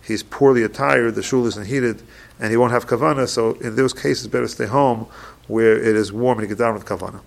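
A man teaching a halacha class, reading each Hebrew passage slowly and then explaining it in quick plain English. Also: medium pitch, fairly even intonation, creaky. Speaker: Torah teacher.

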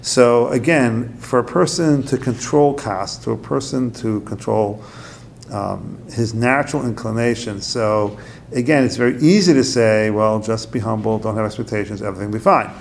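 Gravelly man teaching a Torah class. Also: moderate pace, slight background noise. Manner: storytelling, acts out quotes with sudden high outbursts. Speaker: rabbi giving a class.

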